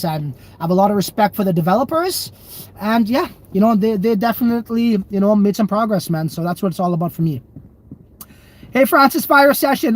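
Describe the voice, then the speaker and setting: Livestream host, male: loose and profane, laughs a lot while riffing on the chat. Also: sits high. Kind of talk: casual livestream chat reading viewer comments.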